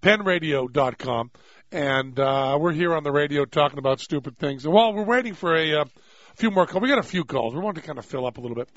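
A man's voice: fairly high pitch, animated, a bit bright, no room sound. A man hosting a radio show, chatting loosely, joking and laughing as he rambles. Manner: rambling, jokey, quick to laugh. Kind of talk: casual radio talk. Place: radio studio. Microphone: studio microphone. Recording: dry, dull-toned studio sound.

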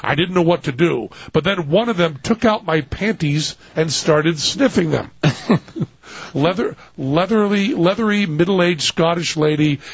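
Gravelly, husky radio host man. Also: fairly high pitch, moderate pace, no room sound. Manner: rambling, joking, many fillers. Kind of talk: casual radio banter and reading aloud. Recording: dull lo-fi radio audio.

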